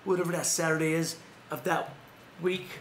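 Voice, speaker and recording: Rambling man with a higher voice. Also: steady tone, normal speed, roomy sound, a little hiss or hum. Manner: rambling, self-correcting, laughs often. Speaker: host. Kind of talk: casual boxing news chat.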